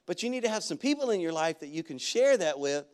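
A male pastor delivering a sermon with a fairly high-pitched voice. He preaches in a loose, storytelling way with casual slang and now and then breaks into loud, energetic shouts. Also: fast, smooth. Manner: animated preaching that jumps into loud shouted bursts. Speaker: guest pastor.

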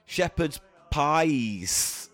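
A man riffs through a rowdy comedy podcast, rambling and mock-grumpy with frequent giggles. His voice sits a little high and leaps around a lot. Faint music plays underneath. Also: lively intonation, drawn-out words, gravelly, a bit bright. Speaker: podcast co-host.

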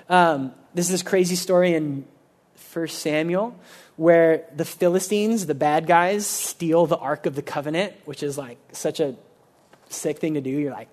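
High-voiced young man preaching casually. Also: darkish tone. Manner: casual, conversational preaching with many fillers; acts out quoted speakers in quick asides. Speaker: pastor. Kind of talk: sermon.

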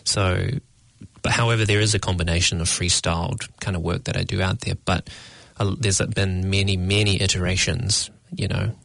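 Young New man, low gravelly voice. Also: flat delivery, a bit bright, dry recording. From New Zealand. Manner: measured, thoughtful, searching for words. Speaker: guest artist. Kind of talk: interview answers.

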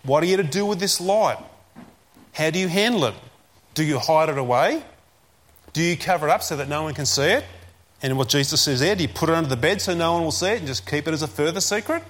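A man preaching a sermon, repeating key phrases and slowing down to stress commands. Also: on the high side, animated, a bit bright.

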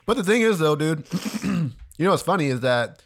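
A man co-hosting a podcast in casual chat, relaxed, laughing often and saying dude a lot. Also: fairly high pitch, normal speed. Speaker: podcast co-host.

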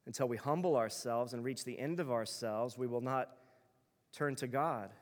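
A man's voice: medium pitch, normal speed, long reverb tail. A male pastor preaching a sermon in an earnest, emphatic way, building his points through repeated phrases.

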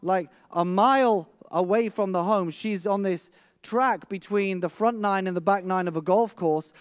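A man's voice: high-pitched, measured pace, clean tone, no echo, studio quality. A middle-aged man preaching a sermon, telling a vivid personal story with frequent restarts.

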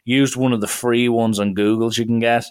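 A young man, casually telling a story from his college days in a lively, chatty way full of filler words. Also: mid-range voice, normal speed, clear, resonant tone.

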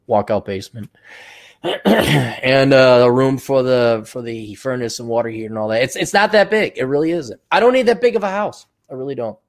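A middle-aged man hosting a podcast, ranting bluntly and sarcastically with plenty of profanity. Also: medium pitch. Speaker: podcast host.

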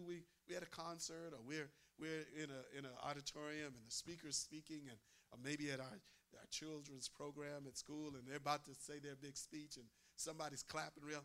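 A man's voice: fairly high pitch, fairly even intonation, moderate pace, fairly bright tone. Emphatic man preaching a sermon. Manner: emphatic, repeats phrases, asks the crowd "amen?".

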